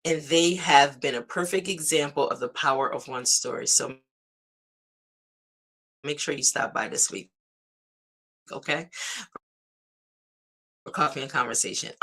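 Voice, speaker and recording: A woman's voice: low voice, a little slow, long pauses, fairly bright tone, breathy edge. A middle-aged woman hosting a live morning stream, chatty and encouraging, calling her viewers "guys". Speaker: host of a live morning show. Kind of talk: upbeat live-stream sign-off.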